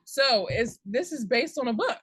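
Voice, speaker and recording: A woman's voice: fairly high pitch, lively intonation, normal speed, a bit bright, husky, no room sound. A woman hosting a casual podcast chat about upcoming movies, reading summaries aloud with laughing asides. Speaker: podcast host.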